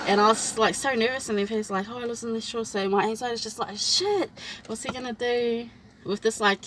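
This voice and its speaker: A woman's voice: fairly high pitch, quick pace, noisy background. A woman, telling a personal story in a casual chat and acting out what people said. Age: 20s. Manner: animated storytelling, acts out quoted lines. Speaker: vlog host.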